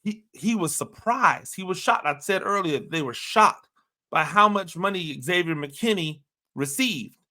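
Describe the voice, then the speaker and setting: A man's voice: high voice, lively intonation, unhurried, sharp tone. A man giving opinionated sports commentary, talking emphatically and repeating himself with rhetorical questions.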